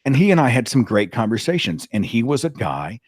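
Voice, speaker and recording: A man telling a personal story in a dramatic, animated way, as a guest on an interview. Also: medium pitch, fairly quick, no room sound, clean studio sound. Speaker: podcast host, guest. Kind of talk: anecdotal storytelling.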